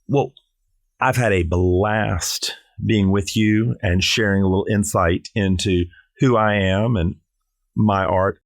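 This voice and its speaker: Playful man, low dry voice. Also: fairly even intonation, slow pace, gravelly, no echo. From South Carolina. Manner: playful, theatrical, jokey. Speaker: drag performer guest. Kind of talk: casual podcast chat.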